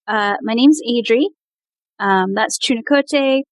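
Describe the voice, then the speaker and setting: Woman player, unhurried and polite, slightly high voice, dry close sound. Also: no echo, rough recording. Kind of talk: casual tabletop game chat.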